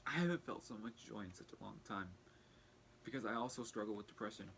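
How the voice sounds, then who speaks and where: A young man talking earnestly in a personal vlog, halting and restarting as he fights back tears. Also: lowish voice, lively intonation, vocal fry, fairly bright tone, slight background noise. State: tearful, fighting back crying. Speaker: vlogger.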